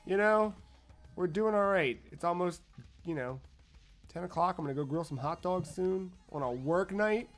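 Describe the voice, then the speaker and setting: A man's voice: high voice, lively intonation, normal speed, faint music behind. A man in his thirties chatting casually as a podcast co-host, telling rambling, profane stories. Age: 30s. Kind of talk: casual chat.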